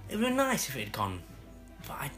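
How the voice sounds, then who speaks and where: A man with a Stockport accent, an actor chatting as an interview guest, self-mocking and quick to laugh. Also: on the high side, huge pitch swings, a bit bright, faint music behind. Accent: Stockport, northern English. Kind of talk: casual interview chat.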